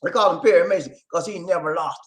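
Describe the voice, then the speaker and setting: A man's voice: a little high, fast talker, a bit bright, low-quality recording. A man hosting a casual livestream, chatting with viewers, laughing and giving sing-song introductions. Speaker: livestream host.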